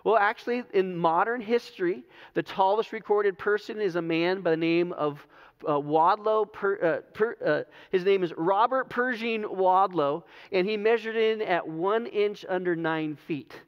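A pastor delivering a sermon in a church, telling the story conversationally with light humor. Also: male voice, high-pitched, unhurried, clean tone. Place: church sanctuary. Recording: long hall reverb, dull lo-fi sound.

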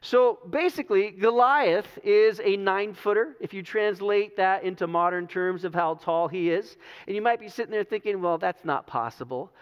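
A pastor delivering a sermon in a church, telling the story conversationally with light humor. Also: male voice, high-pitched, moderate pace, hardly any pauses, clean tone. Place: church sanctuary. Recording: long hall reverb, dull lo-fi sound.

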